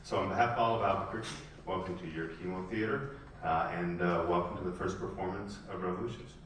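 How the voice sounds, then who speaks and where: Deep-voiced man giving a halting welcome. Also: fairly even intonation, distant mic, heavy background noise. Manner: hesitant, many "uh" fillers. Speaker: city official welcoming the audience. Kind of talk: formal welcome speech. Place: theatre stage. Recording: echoey theatre, recorded from afar.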